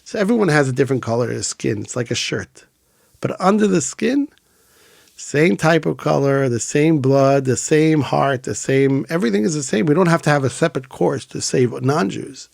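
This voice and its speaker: A man's voice: on the high side, moderate pace, vocal fry, no room sound, clean studio sound. A middle-aged man from Israel, an organization founder, telling stories in a casual interview and acting out the voices he quotes. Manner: animated storyteller, acts out quoted voices. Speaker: founder of an emergency volunteer organization.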